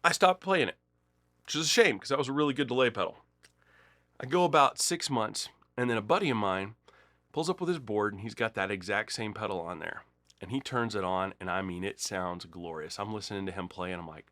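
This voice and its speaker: A man's voice: fairly quick, dry recording. A man hosting a guitar gear show, telling a story with acted-out quotes and then demonstrating pedals in a casual, chatty way. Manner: animated storyteller, acts out quoted dialogue with big pitch jumps. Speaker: music store host demonstrating guitar gear.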